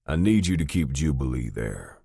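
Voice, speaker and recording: A man's voice: extremely low pitch, very animated, moderate pace, gravelly, warm tone, breathy edge, no room sound, clean studio sound, heavily acted. A man playing a blunt, matter-of-fact father. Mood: serious. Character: blunt older father on the phone.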